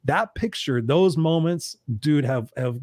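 A middle-aged man hosting a show, telling stories in casual chat, animated and swearing freely as he acts out quotes. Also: a little high, slow, dry recording, studio quality. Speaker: podcast host.

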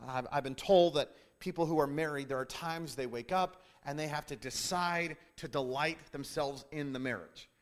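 A man's voice: on the high side, moderate pace, hardly any pauses. A man teaching a sermon-style Bible lesson, emphatic and repetitive, often restarting phrases.

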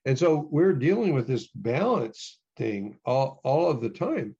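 Earnest American pastor, dull lo-fi recording. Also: male voice, mid-range voice, sing-song, a little slow, dark tone, breathy edge. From United States. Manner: earnest, repeats words while thinking. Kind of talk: casual interview storytelling.

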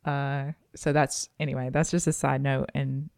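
A podcast co-host in casual chat, with a calm, relaxed voice and a faint Southern US drawl. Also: mid-range voice, normal speed, gravelly, clear, resonant tone, no room sound, clean studio sound. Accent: slight Southern US drawl. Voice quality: calm voice that listeners find soothing.

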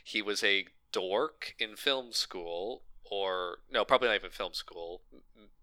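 Sarcastic male podcast co-host, bright and crisp, rambling riffs, dry close mic. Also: on the low side, a little slow, no echo. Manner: sarcastic, rambling, swears freely. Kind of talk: casual movie-riffing chat.

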